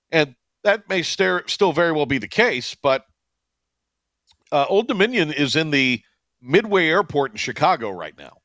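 A man hosting a casual sports radio show, talking in a rambling, halting way with many fillers and restarts. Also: medium pitch, fairly bright tone, no room sound.

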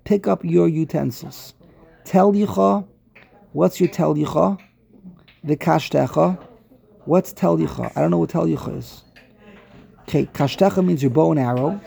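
A man teaching a scripture class in a lively, repetitive way, acting out the dialogue as he explains. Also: on the high side, moderate pace, vocal fry, long pauses, slightly rough. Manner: animated, repetitive, acts out the dialogue.

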